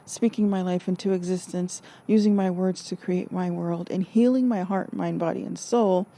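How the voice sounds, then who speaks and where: A woman's voice: lowish voice, fairly even intonation, moderate pace, vocal fry, mellow. A woman from Alaska giving an earnest spiritual monologue, often rephrasing herself and acting out the voices of people she quotes. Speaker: spiritual speaker. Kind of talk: reflective spoken monologue.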